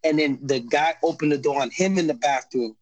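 A man's voice: a little high, brisk, no echo, rough recording. A man in a casual podcast chat, rambling and laid-back as he recaps a TV show, full of slang and restarts.

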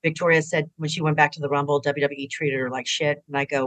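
An animated middle-aged woman speaking as an interview guest, with a slightly low voice. She tells her stories casually and pops up into a higher pitch whenever she quotes someone. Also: fast, rough recording. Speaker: guest, retired pro wrestler.

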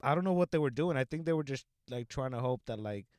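A young Southern Californian man spins a long, loose story, swearing freely and leaning constantly on fillers. His medium-pitched voice is lively, quick, darkish, clear and resonant, captured in a dry, close recording.

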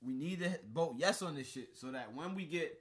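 A man's voice: fairly high pitch, moderate pace. A man co-hosting a casual chat about ballot measures, talking bluntly and emphatically with plenty of swearing.

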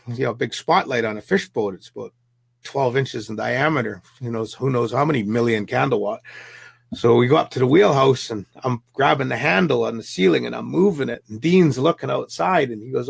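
Male guest with a strongly gravelly, husky voice, telling a lively story and doing the voices of the people in it. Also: mid-range voice, brisk, dry recording. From Pacific Northwest. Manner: vivid storyteller acting out the people he quotes. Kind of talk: storytelling an encounter.

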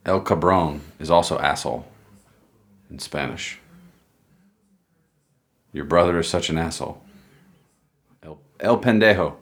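A low-pitched American man with a husky, slightly rough voice, co-hosting a casual podcast. He rambles loosely, swears often and laughs at his own jokes. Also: fairly even intonation, a little slow, long pauses, fairly bright tone. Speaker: podcast co-host.

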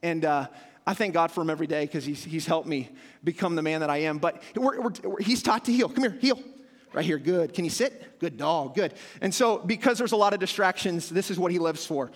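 A young man preaching a sermon, telling stories with lively acted-out shouts. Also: a little high, a little fast. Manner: animated storytelling, acting out scenes with sudden loud shouts. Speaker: pastor. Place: church hall with a dog on stage. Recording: long hall reverb.

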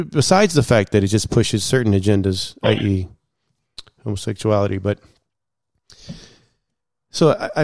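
A man guest in casual storytelling, animated, acting out what others said and using many fillers. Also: on the low side, dry recording, studio quality. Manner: animated, acts out quoted dialogue, many fillers.

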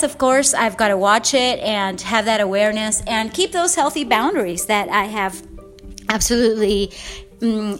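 Woman fitness coach rambling on her phone, emotional, laughs a lot, kinda high voice, faint music behind. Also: a bit bright. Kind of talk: casual heartfelt vlog. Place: at home, Eastern US time. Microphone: phone without external mic.

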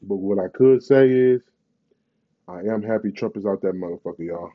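A man's voice: fairly low pitch, moderate pace, phone-quality sound. Profane rambling Bay man. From Bay Area, California. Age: 30s. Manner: profane, rambling, emphatic slang. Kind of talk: casual vlog rant.

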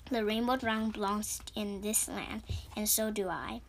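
A woman voicing a gentle village boy with a dragon in a read-aloud storybook, soft and earnest. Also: medium pitch, fairly even intonation, normal speed, creaky, slight background noise, natural voice, rough recording.

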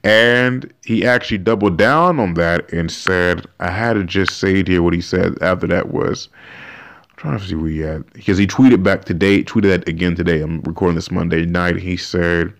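Deep-voiced man giving emphatic podcast commentary. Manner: animated, emphatic, restarts often. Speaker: podcast host. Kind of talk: casual opinion commentary.

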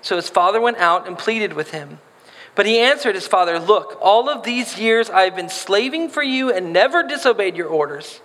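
A man's voice: high voice, lively intonation, moderate pace, sharp tone. A man preaching a sermon, reading scripture and then talking casually and playfully, acting out voices in the quotes. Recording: long hall reverb.

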